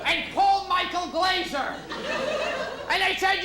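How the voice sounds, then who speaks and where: A man doing stand-up comedy in a shrill, shouting, abrasive delivery. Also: lively intonation, a little slow. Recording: live club recording, echoey with crowd laughter. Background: audience laughter.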